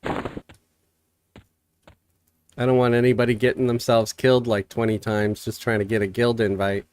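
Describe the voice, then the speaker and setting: A man's voice: mid-range voice, normal speed, slight background noise. A man streaming a game live, chatting casually and reading viewer messages aloud, a bit stuffy from a cold. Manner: relaxed, rambling, reads chat aloud.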